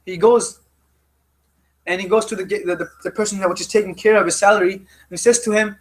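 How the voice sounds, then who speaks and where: Very high-voiced man telling a story. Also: steady tone, a little fast. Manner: repeats phrases for emphasis, often restarts lines. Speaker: teacher leading a youth study circle. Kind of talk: storytelling lecture.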